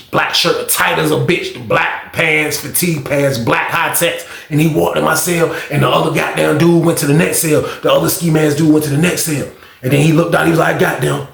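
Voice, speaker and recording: A man telling a prison story to his viewers, animated and profane, talking straight to the audience. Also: on the high side, creaky. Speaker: storyteller, channel host. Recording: roomy echo.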